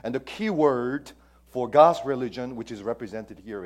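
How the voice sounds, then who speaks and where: A pastor delivers a sermon, putting questions to his congregation and alternating between loud, emphatic phrases and quiet, almost whispered lines. His voice is medium in pitch with lively intonation, and he speaks at a normal speed.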